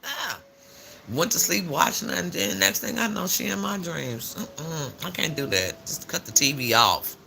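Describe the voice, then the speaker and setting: An older man chats his way through a morning live stream with loose, slang-filled storytelling. His voice is gravelly and very bright, and his pitch swings widely as he talks. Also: moderate pace, slight background noise. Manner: chatty, animated storytelling with frequent laughs and slang.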